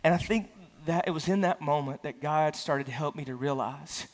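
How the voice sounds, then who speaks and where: Speaking at a moderate pace, a man whose voice is on the high side preaches to his church, recounting a personal story with casual self-deprecation. The conversational sermon rings with the sanctuary's long hall reverb.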